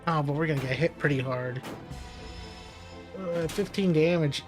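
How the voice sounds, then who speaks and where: A man's voice: fairly high pitch, moderate pace, over music. Chatty man narrating his gameplay. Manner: chatty, talks himself through moves, mutters and laughs. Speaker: gaming commentator. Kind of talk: casual let's-play commentary.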